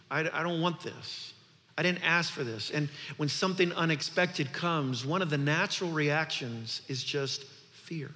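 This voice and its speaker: A man's voice: fairly high pitch, fairly bright tone, long reverb tail. A male pastor preaching a sermon in an earnest, conversational way, building to emphatic points.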